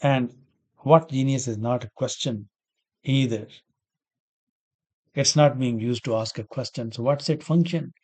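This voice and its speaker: A man's voice: mid-range voice, measured pace, pauses often, a little mellow. Man teaching grammar, asking himself questions. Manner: repeats key words and asks himself questions. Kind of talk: explaining grammar examples step by step.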